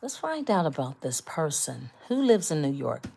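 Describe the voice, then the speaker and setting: Woman, low voice, tarot reader, emphatic, repeats herself, talks straight to the viewer. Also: big pitch swings, moderate pace, gravelly, a little mellow, husky. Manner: emphatic, repetitive, speaks directly to viewers. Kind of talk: collective tarot reading.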